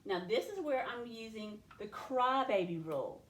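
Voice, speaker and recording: A woman's voice: a little high, animated, echoey room. A woman teacher taking young pupils through a phonics lesson, sounding out and stretching words. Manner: slow, stretched-out word sounding.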